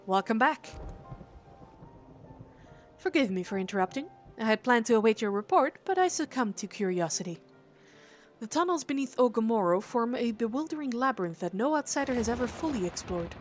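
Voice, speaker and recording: Woman reading a calm, formal scholar. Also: fairly high pitch, soft background music, natural voice. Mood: thoughtful. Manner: formal, measured, softer. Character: calm, learned female scholar.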